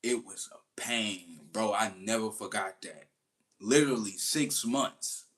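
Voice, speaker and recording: A man's voice: fairly low pitch, slow pace. A man talking casually and animatedly, telling stories in a commentary monologue. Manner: slangy, animated storytelling with laughs. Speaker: commentary host.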